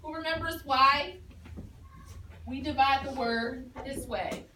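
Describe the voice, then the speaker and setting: A woman's voice: sits high, slow, pushed and bright. A woman teacher leading a phonics lesson, patiently asking questions and repeating the pupils' answers. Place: classroom. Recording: echoey classroom from far off.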